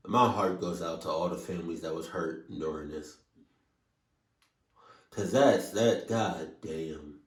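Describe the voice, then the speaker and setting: A man's voice: low voice, slow pace, pauses often, far from the mic. A man hosting a reaction video, talking emotionally and swearing often. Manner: emotional, swears often, sudden loud outbursts. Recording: roomy echo, voice set back from mic.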